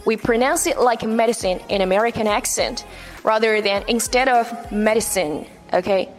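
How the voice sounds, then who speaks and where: A woman's voice: a little high, moderate pace, big-room sound, faint music behind. A woman teaching English vocabulary, repeating each word and checking in with "okay?" after nearly every point. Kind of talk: vocabulary lesson.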